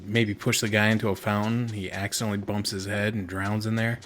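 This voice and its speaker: A young man streaming a game, giving casual, rambling commentary with dark jokes. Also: lowish voice, little pitch movement, a little fast, a little hiss or hum. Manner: joking, rambling, dark humor.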